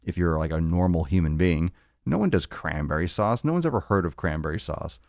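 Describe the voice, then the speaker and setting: Deep guy rambling and cussing on his fitness stream, dry close sound. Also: big pitch swings, fairly quick, a little mellow, no room sound. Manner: profane, rambling, joking. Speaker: podcast host. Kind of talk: casual live-stream monologue.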